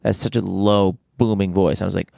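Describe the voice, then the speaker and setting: A man's voice: low-pitched, fairly even intonation, moderate pace, gravelly, dark tone, no room sound, clean studio sound. Man, podcast co-host, casual storytelling, rambling with restarts. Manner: rambling, many restarts and fillers.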